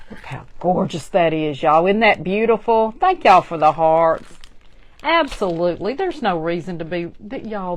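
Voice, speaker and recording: A woman hosting a chatty live crafting demonstration, talking straight to her viewers. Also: fairly low pitch. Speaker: craft tutorial host.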